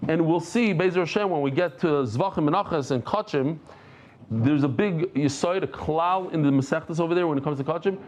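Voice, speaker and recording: A middle-aged man giving a daily Talmud lesson to a live group, talking in quick bursts, breaking off mid-thought and bantering with listeners. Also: fairly high pitch. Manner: lively, jumps between thoughts, self-interrupting. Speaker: Talmud teacher.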